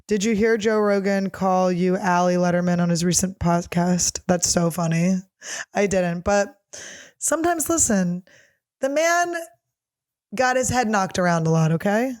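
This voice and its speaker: A woman in her thirties hosts her own comedy show alone, reading out fan questions and answering them off the cuff. She is blunt and profane, jokes all the way through and laughs easily. Her voice sits at an ordinary middle pitch for a woman. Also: lively intonation, a little slow, darkish tone. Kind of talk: casual solo chat, reading questions aloud.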